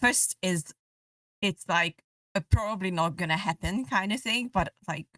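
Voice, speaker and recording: A woman's voice: mid-range voice, unhurried, fairly bright tone, dry recording, studio quality, far from the mic. A woman co-hosting a casual podcast, gushing as a fan with many fillers. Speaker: podcast co-host.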